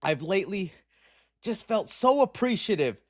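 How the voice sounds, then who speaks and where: A man's voice: high-pitched, sing-song, moderate pace. A man around thirty chats casually to his live stream audience. He talks in a hyped, playful way, full of slang and rambling asides, and sounds slightly out of breath. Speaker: livestream host.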